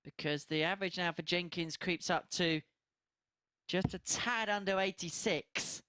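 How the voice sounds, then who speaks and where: Young man co-commentating darts, smooth voice. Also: high-pitched, fairly even intonation, measured pace, bright, forceful tone, dry recording. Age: young adult. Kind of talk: live sports commentary.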